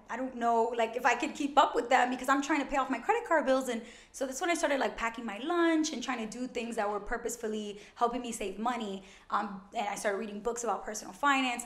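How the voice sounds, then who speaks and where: A loud, animated woman of around thirty from Brooklyn, New York, is a financial educator appearing as an interview guest. She chats quickly and casually in a slightly high voice, with a roomy echo around it.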